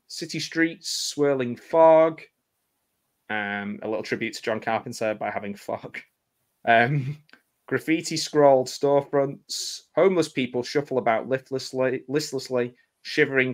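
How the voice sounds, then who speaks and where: A British man hosting a comedic read-through of an old horror script, breaking off for sardonic, laughing asides and frequent swearing. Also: mid-range voice. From United Kingdom. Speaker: podcast host reading a script.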